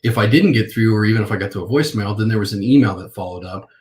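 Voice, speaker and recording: A middle-aged man, a podcast guest, telling lively stories and acting out the phone calls he once made. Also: on the low side, rapid-fire. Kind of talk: interview.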